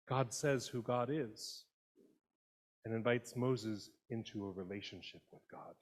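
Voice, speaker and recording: A man preaches in a church sanctuary, talking with his congregation in a relaxed, conversational way and lifting his voice to act out quoted words. His voice sits at an ordinary middle pitch. A long reverb trails each phrase through the hall. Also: unhurried. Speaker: pastor. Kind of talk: sermon.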